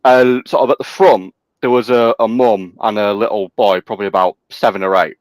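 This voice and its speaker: A man's voice: lowish voice, fairly even intonation, brisk, no room sound. A man telling an anecdote in a casual livestream chat, hesitant and full of fillers. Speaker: livestream co-host.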